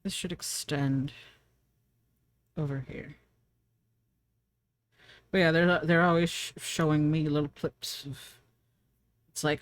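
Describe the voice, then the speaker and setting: A woman's voice: sits low, steady tone, takes it slowly, pauses often, no room sound. A woman streamer chatting casually while she draws, rambling from thought to thought, laughing often and answering her chat.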